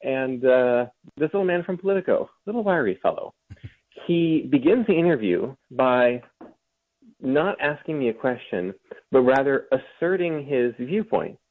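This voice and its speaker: A man from Ohio, appearing as a guest author, narrates a lengthy story in an interview, often starting his sentences over and mimicking people mockingly. He speaks at normal speed in a mid-range voice with lively intonation, heard through a tinny, phone-like remote connection.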